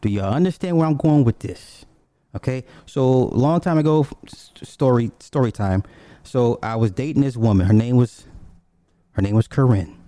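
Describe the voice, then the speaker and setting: A man telling a personal story in a casual, profane, animated way, swinging from low mutters to high exclamations. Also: moderate pace, dry recording.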